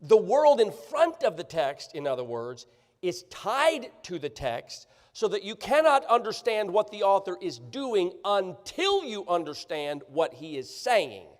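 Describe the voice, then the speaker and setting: High-voiced preacher, lively and sarcastic, long echo of a church hall. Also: male voice, unhurried. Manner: animated, sarcastic, checks in with the congregation often. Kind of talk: sermon. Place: church sanctuary.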